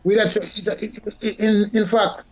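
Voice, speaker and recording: A Jamaican man in casual chat who speaks haltingly, with many restarts. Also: high voice, level tone, darkish tone.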